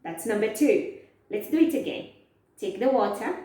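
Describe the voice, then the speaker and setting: A woman teaching a lesson to children, speaking slowly, asking questions and answering them herself. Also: a little high, animated, mellow. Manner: slow, drawn-out, asks questions and answers them. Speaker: Islamic studies teacher. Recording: echoey, from far off.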